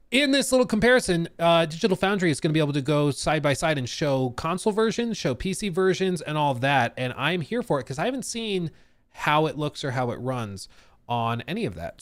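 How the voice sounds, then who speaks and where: Young male streamer, casual and jokey, very expressive delivery, dry recording. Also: on the high side, no echo. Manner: animated, jokey, reacting to chat. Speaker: streamer host. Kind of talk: casual live-stream chat.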